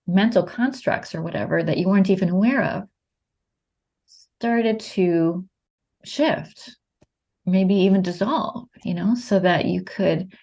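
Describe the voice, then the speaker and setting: A woman hosting a podcast, explaining her method to a guest in a calm, coaching way. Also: medium pitch. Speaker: host, practitioner of the method.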